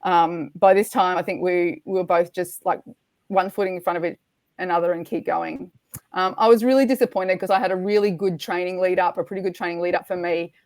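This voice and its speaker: A middle-aged woman, a podcast guest, telling a race story in a lively, animated way and acting out the quotes. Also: lowish voice, a little fast, no room sound. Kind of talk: storytelling in casual chat.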